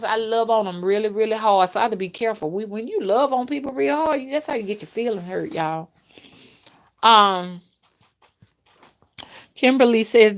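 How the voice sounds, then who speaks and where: A middle-aged woman chatting casually on a live stream, folksy and warm with her viewers, reading out their comments and calling them y'all and honey. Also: medium pitch. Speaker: spiritual rootworker hosting a live stream.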